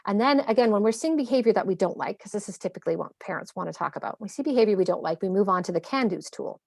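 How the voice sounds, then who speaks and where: Woman, 30s, parenting coach guest; rapid delivery, gravelly edge, dry close sound. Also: mid-range voice, no room sound. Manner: animated, quick explaining with acted-out quotes. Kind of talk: conversational interview.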